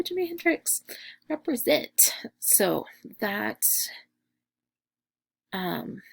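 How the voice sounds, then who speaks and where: A young adult woman teacher, talking casually to her class in a recorded message, with lots of fillers and warmth toward her students. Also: medium pitch, gravelly. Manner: chatty, filler-heavy and affectionate.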